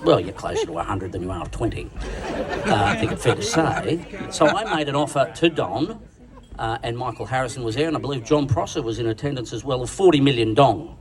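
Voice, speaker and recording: An Australian man delivers a crude, bawdy roast into a stage microphone, mocking himself as much as his target. His voice sounds set back from the mic, and a loud dinner crowd laughs and roars around him. His pitch sits in an ordinary middle range. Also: lively intonation, a little fast, distant mic. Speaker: roast speaker. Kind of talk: stand-up roast speech at a dinner. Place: large function room at a dinner event.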